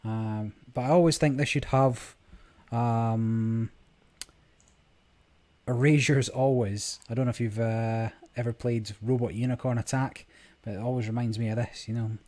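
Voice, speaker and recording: A man's voice: medium pitch, fairly even intonation, unhurried, dark tone. A man giving casual, rambling commentary on his screen recording, with many fillers. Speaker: gaming vlogger. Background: game music.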